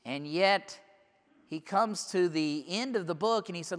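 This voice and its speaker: A man preaching a sermon in a church, earnest and emphatic, with sudden swings between loud and soft. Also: sits high, a little slow, big-room sound.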